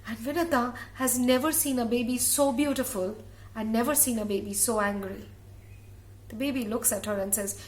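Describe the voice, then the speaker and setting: A woman's voice: fairly high pitch, moderate pace. A woman storyteller recounting a myth in a dramatic way, repeating phrases for effect. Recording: echoey room.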